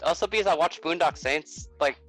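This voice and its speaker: A man's voice: fairly high pitch, fairly quick, a bit bright, faint music behind. A man co-hosting a podcast, chatting casually and a bit self-deprecatingly. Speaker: podcast co-host. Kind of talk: casual chat.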